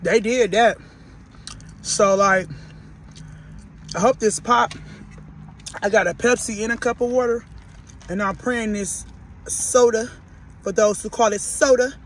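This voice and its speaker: A man from Detroit with a Detroit accent, chatting casually to viewers while he eats and reviews fast food, often calling them "y'all". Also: high voice, fairly even intonation, fairly bright tone, slight background noise. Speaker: podcast host reviewing food.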